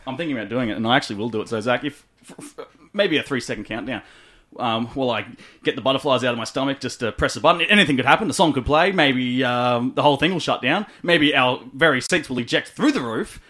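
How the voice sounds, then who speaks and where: A man's voice: medium pitch, fast talker, bright, forceful tone. A man with an Australian accent hosting a radio show, playful and hammy, laughing often. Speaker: radio host. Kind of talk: comedic radio banter.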